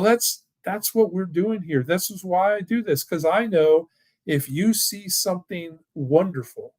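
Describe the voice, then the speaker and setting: A man's voice: on the high side, darkish tone, dry recording. A man who owns a financial firm, hosting a webinar with live questions in an enthusiastic, rambling, folksy way. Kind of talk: casual webinar talk with live Q&A. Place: home or office, online workshop.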